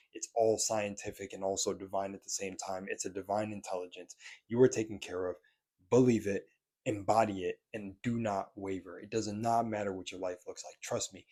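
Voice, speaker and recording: A man's voice: lowish voice, darkish tone. Earnest young man with a slight lisp. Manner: earnest and candid, with casual swearing and many restarts. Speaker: spiritual vlogger. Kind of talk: casual vlog monologue. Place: room in his apartment.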